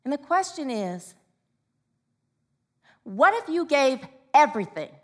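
Bright-voiced woman minister preaching casually. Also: sits high, slow pace. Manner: chatty, laughing, animated storytelling. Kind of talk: informal sermon with anecdotes.

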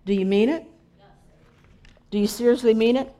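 A middle-aged woman preaching an inspirational sermon, talking conversationally, putting questions to her listeners and dropping into soft, prayerful asides. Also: on the high side, moderate pace, pauses often. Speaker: spiritual speaker.

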